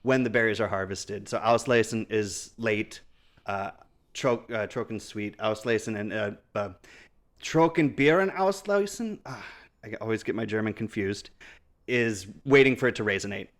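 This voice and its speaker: A man's voice: fairly low pitch, normal speed. A man in his thirties, podcast co-host, chatting casually and explaining wines knowledgeably, often laughing. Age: 30s. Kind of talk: casual chat.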